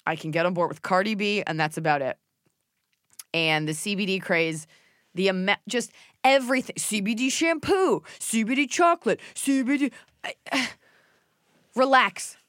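A woman's voice: mid-range voice, normal speed, a bit bright, no echo, studio quality. A woman hosting a podcast in casual chat, blunt and opinionated, swearing freely and mimicking people in silly voices. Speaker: podcast host.

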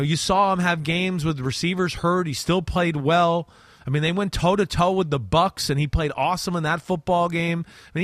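A man's voice: a little high, a bit bright, no room sound, clean studio sound. A man with a New Jersey accent co-hosting a casual sports podcast, chatty and self-correcting, full of fillers. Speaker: podcast co-host, football analyst.

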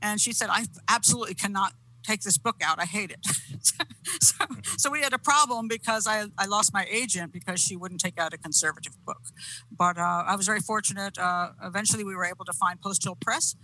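An older woman, a guest author on a podcast, talking bluntly and teasing with a quick laugh. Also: medium pitch, bright, forceful tone, poor audio. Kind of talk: casual interview chat.

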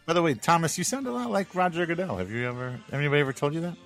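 Animated, laughing male co-host. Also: on the high side, very fast, vocal fry, soft background music. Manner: laughs often, teasing. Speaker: podcast co-host. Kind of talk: casual chat.

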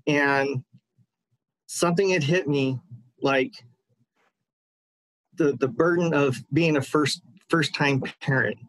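A man calling in to a radio show, telling a personal story in an earnest, halting way with frequent restarts. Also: fairly high pitch, fairly bright tone, dry recording, rough recording. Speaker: caller.

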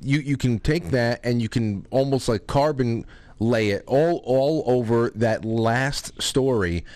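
A man's voice: mid-range voice, unhurried, darkish tone. A man hosting an interview, chiming in conversationally and often restarting his sentences. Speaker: host. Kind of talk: casual interview chat.

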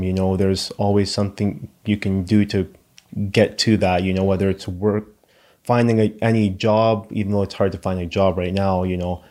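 Easygoing low-voiced man guest. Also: dark tone. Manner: easygoing, frequent "you know" and "man". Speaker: podcast guest. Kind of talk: casual conversation.

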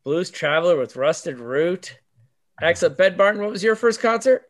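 A man's voice: sits high, lively intonation, moderate pace. A man hosting a podcast, upbeat, moving the talk along with questions. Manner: upbeat, prompting others with questions. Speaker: podcast host. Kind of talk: casual chat.

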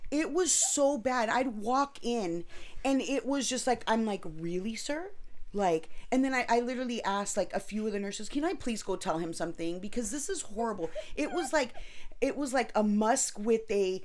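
A woman, a former NICU mom, telling stories in a lively, expressive casual chat. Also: fairly high pitch, normal speed. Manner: animated, expressive storyteller. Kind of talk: casual storytelling.

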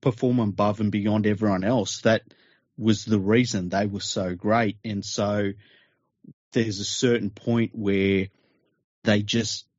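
A man's voice: fairly low pitch, steady tone, slow, darkish tone, no room sound. A man, co-hosting a sports chat show, asking eager questions. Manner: questioning, enthusiastic. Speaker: podcast co-host. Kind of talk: casual chat. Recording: dull lo-fi audio.

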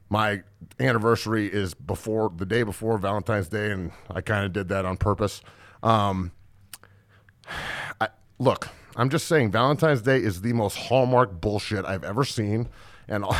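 A man in his thirties with a fairly low voice rants on his podcast, blunt and profane, and loudly acts out the people he quotes. He is recorded close on a studio mic, with a dry sound and no room echo. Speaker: podcast host and strength coach. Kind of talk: casual storytelling rant.

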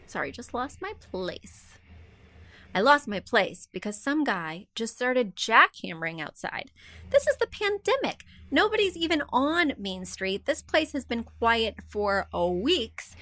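A woman's voice: on the high side, very animated, measured pace, sharp tone, no room sound. A woman hosting a casual design-advice podcast, reading listener emails aloud and answering them with chatty, self-deprecating confidence. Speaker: podcast host and interior designer. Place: small room indoors, street noise outside.

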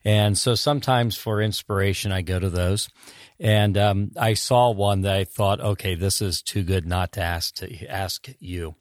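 A man hosting a podcast, friendly and easygoing, quick to laugh with his guest. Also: low voice, steady tone, dry recording, clean studio sound. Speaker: podcast host. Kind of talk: casual interview chat.

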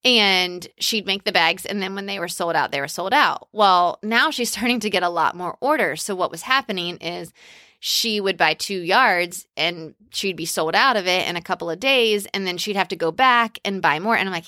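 A middle-aged woman talks through business advice in a relaxed, conversational way and keeps turning to her listeners to encourage them. Her voice is bright and clear, and the recording sounds close and dry. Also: medium pitch, moderate pace, no echo. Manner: encouraging, conversational, addresses listeners as "you guys". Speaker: podcast host. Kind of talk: casual business advice talk.

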